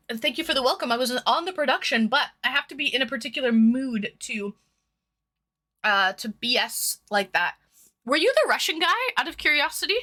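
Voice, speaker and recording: A woman's voice: high-pitched, sharp tone. A woman from Toronto hosting a casual livestream, greeting viewers by name in a bubbly, chatty way, her nose running from hot sauce. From Toronto, Canada. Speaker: livestream host.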